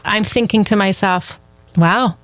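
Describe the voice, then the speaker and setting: A woman co-hosting a podcast in casual chat, blunt and animated, swearing freely and acting out little scenes. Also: medium pitch, measured pace, no room sound. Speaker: podcast co-host.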